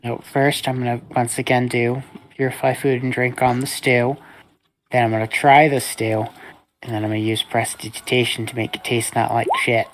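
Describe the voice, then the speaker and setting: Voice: mid-range voice, level tone, moderate pace, low-quality recording. A player in a tabletop game who plainly states their character's actions. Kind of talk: casual tabletop game play.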